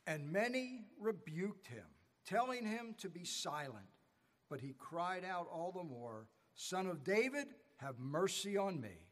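A man's voice: high voice, sing-song, unhurried, fairly bright tone. A man preaching a sermon as pastor, telling stories with rising and falling emphasis. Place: church sanctuary. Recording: church sanctuary with long reverb.

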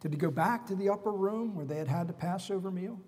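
A man preaching a sermon dramatically, swinging between loud emphasis and hushed whispers. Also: sits high, fast, breathy edge, in a large hall.

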